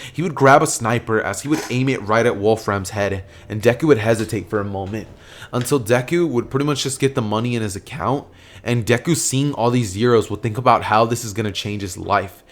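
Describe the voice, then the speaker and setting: A man's voice: lowish voice, a little fast. A man casually narrating a fan story, rambling with lots of fillers and restarts.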